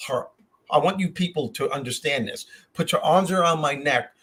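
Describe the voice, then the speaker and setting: A man's voice: fairly high pitch, normal speed, a bit bright, slightly rough. An older man hosting a podcast, telling personal stories in a heartfelt way and often repeating his words as he goes. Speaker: podcast host. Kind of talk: casual chat, personal storytelling.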